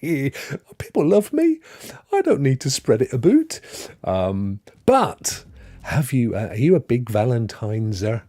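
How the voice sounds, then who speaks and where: A man's voice: medium pitch, wildly swooping pitch, a little slow, warm tone, no room sound. A man hosting a live gaming stream, chatting casually and jokily and greeting viewers by name. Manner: jokey, rambling, greets chat viewers by name.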